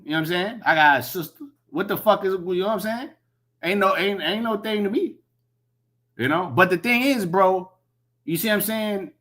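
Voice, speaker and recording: A man's voice: high voice, pushed and bright. A man giving a profane, emphatic preaching commentary, repeating himself and reading scripture aloud. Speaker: religious commentator.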